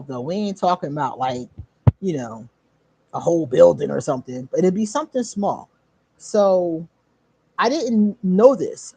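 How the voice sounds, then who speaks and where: A woman hosting her own channel, casually telling a story straight to her viewers, animated, laughing often and swearing freely. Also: on the low side, husky, no room sound. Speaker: channel host.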